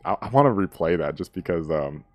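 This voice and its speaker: A man hosts a music reaction, chatting casually in slangy speech. He is excitable, laughs often and acts out quotes, with a deep voice, a slightly fast pace and a dry recording.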